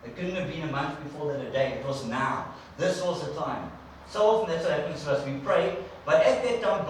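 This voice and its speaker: A man preaching a conversational sermon, telling the story with lively energy and a somewhat high voice. His voice rings through a very echoey church, with the mic some distance away and a faint background noise. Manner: animated storyteller, conversational, acts out quotes.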